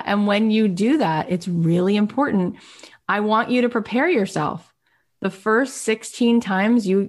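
A woman's voice: mid-range voice, darkish tone. A woman sales coach talking casually and energetically, acting out little dialogues with customers. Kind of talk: coaching talk.

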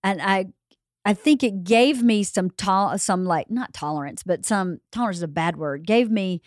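A middle-aged woman from the Deep South, hosting a casual interview and reacting candidly, with casual swearing. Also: normal speed, no room sound, clean studio sound. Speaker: podcast host.

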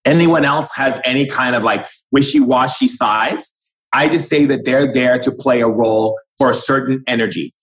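A man's voice: medium pitch, moderate pace, a bit bright, poor audio. Guy talking like a spiritual teacher, preachy and emphatic, does the voices of people he's quoting. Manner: emphatic, preachy, acts out quoted conversations. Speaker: spiritual guide. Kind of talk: impassioned spiritual commentary.

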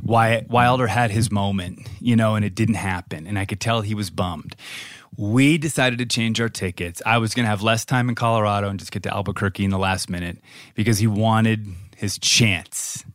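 A man in his forties co-hosting a podcast, telling a story in animated casual chat and laughing often. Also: lowish voice, moderate pace, dry recording, studio quality. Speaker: podcast co-host.

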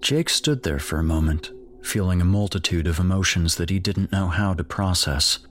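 A man reading a horror story aloud as its narrator in a measured, grave storytelling manner. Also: low voice, fairly bright tone, a little hiss or hum.

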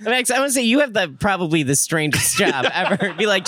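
A man's voice: high voice, very animated, fairly quick, pushed and bright. A male podcast co-host in casual comedic banter, teasing, laughing often and throwing in silly sound effects.

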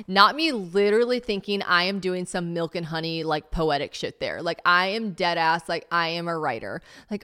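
A woman's voice: lowish voice, expressive, normal speed, hardly any pauses, bright, forceful tone, clean tone. A woman in her late twenties hosting a casual solo podcast, chatty and self-mocking, swearing freely as she talks. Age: late 20s. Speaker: podcast host.

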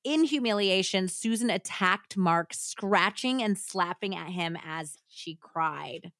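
Her voice is medium-pitched and fairly bright, and she takes her time. This podcast host gives a dramatic reading of a true crime story, performing the dialogue, then drifts into casual, joking commentary, all captured in studio quality without echo.

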